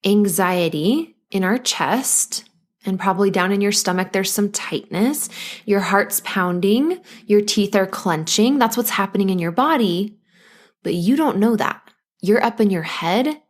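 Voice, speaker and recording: A woman hosting a solo podcast as a postpartum coach, talking listeners gently through anxiety and now and then acting out their worried thoughts. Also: mid-range voice, animated, measured pace. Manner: gentle, coaching, acts out anxious inner voices.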